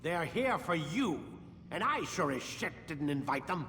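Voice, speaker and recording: A sneering cold scientist captor. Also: male voice, fairly high pitch, sing-song, a little slow, bright, forceful tone, big-room sound, heavily acted. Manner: curt, commanding, sneering. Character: cold middle-aged male scientist holding a prisoner.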